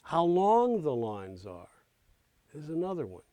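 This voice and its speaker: A middle-aged man teaching lyric writing in a recorded clinic, lively, breaking into sung lines and nursery rhymes to make his points. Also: a little high, a little slow, no echo. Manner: animated teacher, recites rhymes and quotes in small acted voices. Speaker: songwriting professor.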